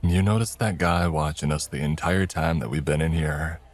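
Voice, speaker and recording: A man's voice: a bass voice, moderate pace. A man voicing a dry, watchful young man with a wry delivery.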